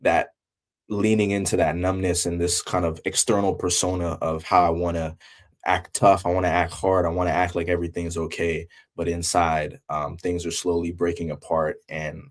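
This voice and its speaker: Deep-voiced man in a casual interview. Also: level tone, normal speed. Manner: reflective, many fillers and restarts. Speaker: guest artist.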